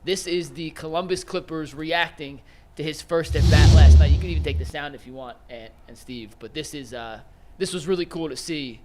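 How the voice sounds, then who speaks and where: A man's voice: fairly high pitch, moderate pace, music in the background. A man co-hosting a casual sports talk show, upbeat and enthusiastic.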